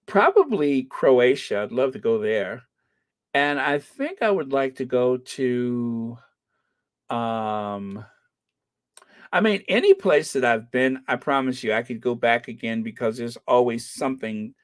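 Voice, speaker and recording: Middle-aged guy rambling and joking about places he wants to go, normal pitch, dry dead room. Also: sing-song, a little slow, no echo. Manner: rambling, joking and musing aloud. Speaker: travel vlogger. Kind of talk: casual chat.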